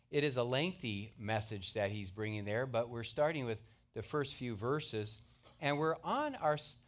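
Man, middle-aged, pastor, earnest conversational sermon, mid-pitched voice. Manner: earnest, conversational preaching with anecdotes.

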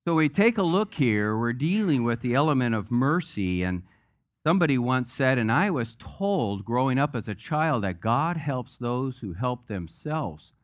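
A male pastor delivers a sermon in a relaxed, chatty way and tells jokes along the way. His voice sits at an ordinary middle pitch. The church recording sounds a little dull and muffled. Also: moderate pace. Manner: conversational, joke-telling preacher. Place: church sanctuary.

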